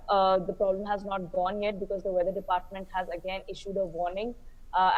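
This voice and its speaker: A woman's voice: mid-range voice, low-quality recording. A woman field reporter giving a live update, hesitant with many fillers.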